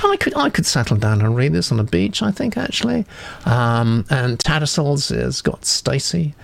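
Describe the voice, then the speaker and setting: Gravelly, animated male host. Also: on the high side, normal speed. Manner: chatty, enthusiastic, with fillers. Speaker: host of a writing critique session. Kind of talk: reading out listener comments, casual chat.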